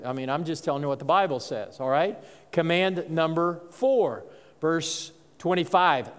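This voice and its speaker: A man preaching a sermon as pastor, emphatic and conversational, often turning to the congregation with asides. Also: high-pitched. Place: church sanctuary. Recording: long hall reverb.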